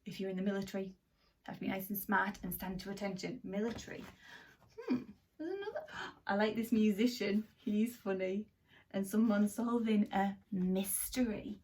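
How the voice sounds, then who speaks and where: A woman teaching a children's phonics lesson, animated and exaggerated, with gasps and whispered asides. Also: mid-range voice, moderate pace, distant mic.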